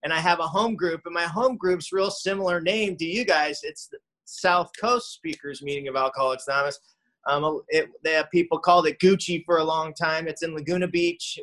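A middle-aged man speaking from his living room over a home call mic, telling his story in an earnest, heartfelt way. His voice sits a little high for a man. He stumbles, restarts and fills gaps with ums and you-knows. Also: bright, forceful tone, poor audio. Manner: halting, full of fillers and restarts. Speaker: speaker at a recovery meeting. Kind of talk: personal recovery story.

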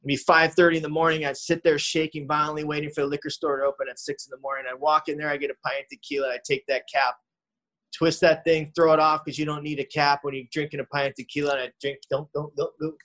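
A man's voice: fairly high pitch, little pitch movement, quick pace, pushed and bright, poor audio. A man sharing his own recovery story in a conversational way, often adding "man" and "you know". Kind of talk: recovery talk testimony.

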